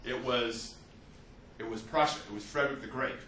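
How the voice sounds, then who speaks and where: A man teaching a history class as a lecturer, telling the story with lively restarts and fillers. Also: medium pitch, moderate pace. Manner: animated storytelling with many restarts. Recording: echoey classroom from a distance, faint hiss.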